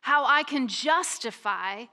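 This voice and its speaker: A woman sharing a slow, personal, confessional reflection during a sermon. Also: sits high, animated, sharp tone.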